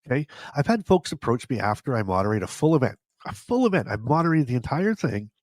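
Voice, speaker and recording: A man's voice: mid-range voice, big pitch swings, fast talker, no room sound. A man hosting a podcast, telling stories in a casual, joking, self-deprecating way with a stuffy nose. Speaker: podcast host. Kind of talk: casual storytelling monologue.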